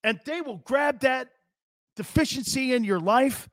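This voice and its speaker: A man's voice: very high-pitched, expressive, unhurried, a bit bright, no echo, studio quality. A man in his fifties hosting a live sports talk show, ranting in a brash, sarcastic and blunt way.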